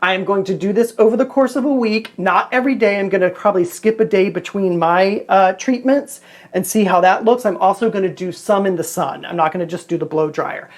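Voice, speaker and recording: A man's voice: high voice, a little fast, no room sound. A man in his forties chatting casually in a vlog, reviewing a hair product in a rambling, self-deprecating way. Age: 40s.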